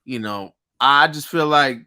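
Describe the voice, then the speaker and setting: A man's voice: medium pitch, unhurried, pushed and bright, clear, resonant tone. An American man co-hosting a boxing talk show, giving his candid opinion in a laid-back casual chat.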